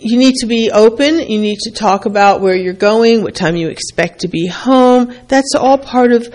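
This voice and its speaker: A woman's voice: fairly high pitch, moderate pace, a little mellow. A woman working as a couples therapist, giving relationship advice in a plainspoken, conversational way and repeating key points for emphasis.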